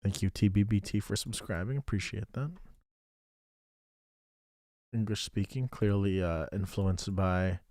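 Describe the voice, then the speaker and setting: Deep-voiced man thinking aloud. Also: steady tone, unhurried, pauses often, darkish tone, dry recording, clean studio sound. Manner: thinks aloud, chatty, thanks viewers. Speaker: streamer. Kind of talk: casual live-stream game commentary.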